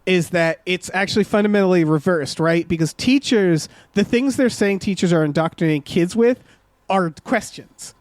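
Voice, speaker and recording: A man co-hosting a podcast, giving casual, sarcastic commentary on a film in an animated, ranting way. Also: high voice, moderate pace, no room sound. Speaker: podcast co-host.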